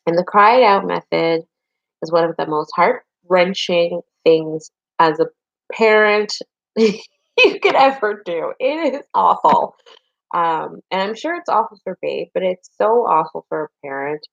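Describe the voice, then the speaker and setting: A woman's voice: lowish voice, lively intonation, unhurried, gravelly, no echo, lo-fi sound. A young adult woman and parent giving frank, chatty advice straight to her viewers. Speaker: vlogger and parent. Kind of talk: casual chat to camera.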